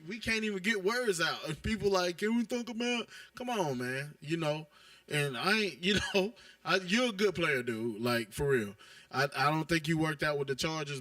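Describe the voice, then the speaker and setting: A man with a fairly high voice rambles through a casual basketball chat, slangy and exasperated. The sound is dry and picked up from a little distance off the mic. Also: fairly bright tone, dry recording. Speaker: podcast co-host.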